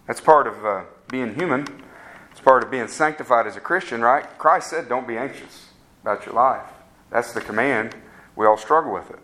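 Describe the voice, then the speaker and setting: A man's voice: mid-range voice, a bit bright. A man preaching a sermon, conversational and asking the congregation questions. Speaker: pastor.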